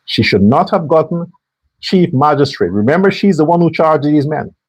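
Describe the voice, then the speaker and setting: A man's voice: a little high, lively intonation, normal speed, slightly rough, dry recording, poor audio. A man delivering an angry, profane political commentary rant as a show host. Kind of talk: heated political commentary monologue.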